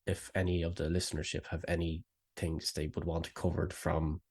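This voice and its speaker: A man's voice: low voice, flat delivery, normal speed, darkish tone, husky. A man co-hosting a podcast in casual chat, with a dry, wry sense of humour. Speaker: podcast co-host.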